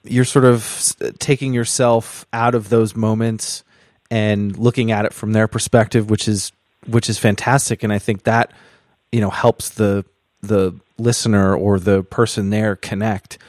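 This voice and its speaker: A man's voice: lowish voice, flat delivery, unhurried, a little mellow, no echo, studio quality. A man hosting a podcast, asking rambling, self-correcting questions in a casual chat. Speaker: podcast host.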